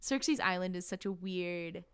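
A woman's voice: on the low side, unhurried, clear, resonant tone, dry recording. A woman co-hosting a podcast, chatting casually about a book and often laughing and acting out quotes. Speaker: podcast co-host.

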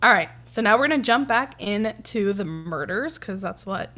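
A woman's voice: medium pitch, expressive, normal speed, sharp tone. A woman co-hosting a casual true-crime podcast, chatty and giggly with lots of fillers. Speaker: podcast co-host.

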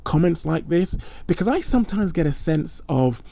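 A man co-hosting a podcast in casual chat, talking in a measured, agreeable way with frequent restarts. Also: a little high, sing-song, creaky, warm tone. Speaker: podcast co-host.

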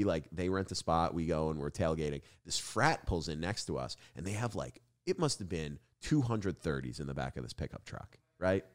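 Man, very low voice, joking podcast host, animated stories, casual chat.

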